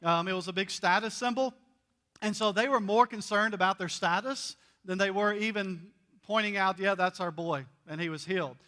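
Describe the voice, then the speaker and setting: A man's voice: high-pitched, normal speed, bright, forceful tone. A male pastor giving a sermon in a church, conversational and playful, acting out the dialogue as he goes. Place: church sanctuary.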